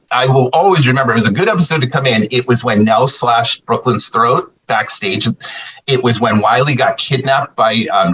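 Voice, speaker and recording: Man, husky voice, casual podcast guest, animated storyteller, acts out dialogue. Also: medium pitch, far from the mic, rough recording. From US Northeast.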